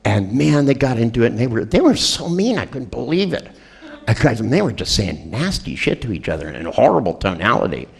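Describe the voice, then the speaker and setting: An older man telling a story to an audience, animated and profane, acting out the people in it and laughing at his own tale. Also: mid-range voice, fairly quick, gravelly, breathy edge. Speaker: speaker telling a therapy story.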